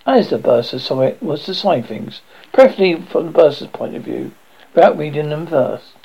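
A man's voice: on the high side, animated, moderate pace, vocal fry, slight background noise. A man narrating a novel aloud in an amateur reading, often stumbling and correcting himself. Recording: dull lo-fi recording.

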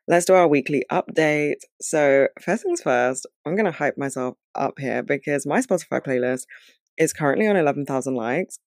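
A man who has just woken up, his voice rough and scratchy, chatting candidly to his viewers about his week. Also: medium pitch, no echo, clean studio sound. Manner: candid, confessional, chatty with "like" fillers. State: groggy, just woke up. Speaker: vlogger. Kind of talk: casual chat to camera.

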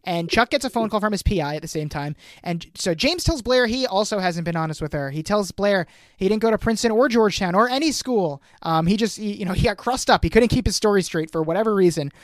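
A man's voice: high-pitched, lively intonation, quick pace, no echo, clean studio sound. A man hosting a podcast, recapping an episode in casual chat and acting out the characters' lines for laughs. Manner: jokey, acts out characters' lines. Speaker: podcast host.

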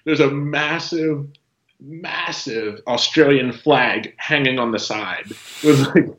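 A man's voice: mid-range voice, takes it slowly, fairly bright tone. A man telling a travel story in casual chat, talking loosely with lots of "like" and chuckling as he goes. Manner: chatty, says "like" often, laughs while telling. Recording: roomy, slightly dull sound.

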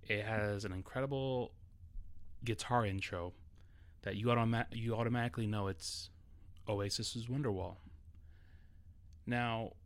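A man from New York hosts a solo podcast, talking casually with a touch of nerves and frequent restarts. His voice sits fairly low. The sound is dry and close, with no room around it. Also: fairly even intonation, measured pace, pauses often, smooth, no echo. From New York City. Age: adult. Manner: casual and a bit nervous, with restarts. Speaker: podcast host.

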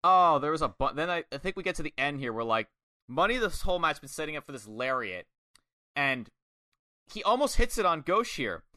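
A man casually recapping a wrestling match with a co-host, animated and acting out the wrestlers' lines. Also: fairly high pitch, brisk, no room sound, clean studio sound. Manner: animated, quotes wrestlers in put-on voices. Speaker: podcast co-host.

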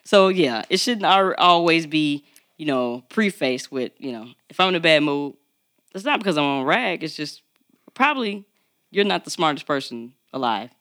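A woman co-hosting a podcast in casual chat, animated and laughing often. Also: moderate pace. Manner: animated, laughing often, jumps to very high pitch. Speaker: podcast co-host.

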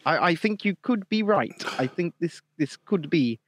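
A man's voice: on the high side, lively intonation, normal speed. A man hosting a live stream, sweary and laughing often in casual banter. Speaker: podcast host.

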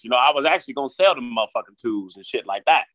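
A man's voice: mid-range voice, expressive, rapid-fire, a bit bright, no room sound. A man telling rambling, profane stories as an interview guest, repeating himself as he goes. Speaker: guest, gardening business owner. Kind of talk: comic interview banter.

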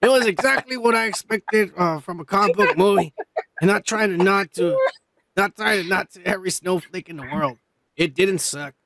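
Gravelly, high man rambling on a podcast. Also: normal speed, a bit bright. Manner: rambling, swears a lot, loose and joking. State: high on cannabis. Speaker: podcast host. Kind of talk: casual profane chat.

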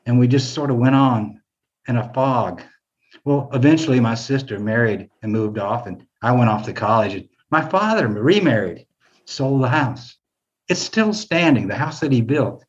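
Older man telling a personal story, halting. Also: medium pitch, dull audio. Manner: halting, repeats words when moved.

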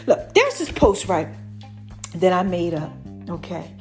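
A woman's voice: on the low side, a little slow, pauses often, faint music behind. A woman from the United States hosting her own podcast, talking casually and animatedly to her listeners. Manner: chatty and animated, addresses listeners as y'all. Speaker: podcast host. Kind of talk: casual solo podcast talk.

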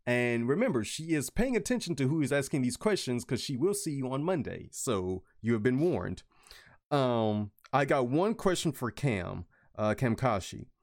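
Lively man reading viewer questions. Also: mid-range voice, normal speed. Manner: lively, chatty, relaxed, with fillers. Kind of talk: casual chat.

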